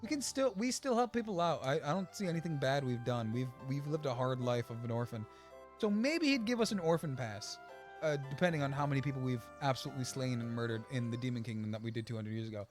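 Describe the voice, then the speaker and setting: A man streaming a video game, chatting casually and excitably with plenty of filler words. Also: medium pitch, quick pace, faint music behind. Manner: excitable, rambling, lots of filler. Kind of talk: casual gameplay commentary.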